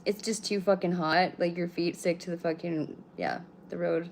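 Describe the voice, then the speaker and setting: Woman, 30s, low voice, rambling blunt streamer who swears freely. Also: brisk, few pauses, a little hiss or hum. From British Columbia, Canada. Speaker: livestreamer. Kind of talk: casual live-stream chat.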